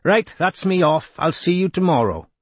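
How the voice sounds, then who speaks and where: A man's voice: sits high, big pitch swings, normal speed, no echo, voice pushed up. A man doing Geraint, a lilting Welsh man. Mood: breezy.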